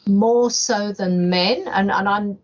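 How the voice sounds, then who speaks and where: A woman's voice: mid-range voice, steady tone, takes it slowly. A woman hosting a podcast, asking questions in a curious, conversational way. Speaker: podcast host. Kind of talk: podcast interview. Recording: dull lo-fi sound.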